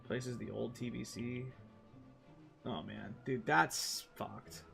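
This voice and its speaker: A man's voice: medium pitch, fairly even intonation, slow, creaky, fairly bright tone, faint music behind. A young man streaming a game, chatting casually in a rambling, profane way with frequent restarts. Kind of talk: casual gaming stream chat.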